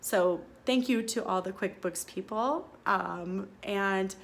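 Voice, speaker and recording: Woman hosting her own show, casual story chat, super expressive, acts out what she said. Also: medium pitch, slow pace, vocal fry. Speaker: podcast host.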